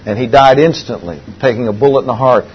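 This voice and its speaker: A man's voice: medium pitch, quick pace, a little hiss or hum. A man preaching a sermon, telling a story in an earnest way and repeating key phrases. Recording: dull lo-fi recording.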